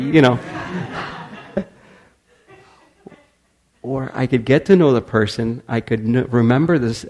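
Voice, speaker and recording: Brief: male speaker, gravelly and husky, animated storyteller. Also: medium pitch. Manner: animated storyteller acting out quotes. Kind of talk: storytelling talk.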